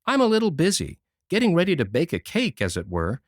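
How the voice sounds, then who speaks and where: A man's voice: on the high side, huge pitch swings, brisk, dry recording, clean studio sound, voice pushed up. A man reading a storybook voices a meek, flustered middle-aged farmer who speaks politely and with embarrassment.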